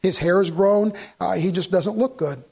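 High-voiced storytelling preacher man. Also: moderate pace, gravelly, darkish tone, husky. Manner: storytelling preacher, acts out dialogue, repeats and restarts. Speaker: pastor. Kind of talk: sermon.

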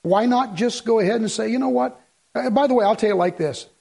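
Husky, high-voiced man preaching emphatically. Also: a little fast, a little mellow. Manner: folksy, emphatic preaching with rhetorical questions. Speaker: pastor. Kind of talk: sermon.

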